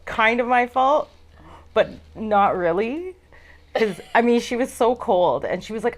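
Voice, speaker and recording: A woman's voice: a little high, normal speed. A woman podcast host in casual chat, telling stories animatedly and acting out what people said, in a studio lounge. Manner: animated storyteller, acts out quoted voices.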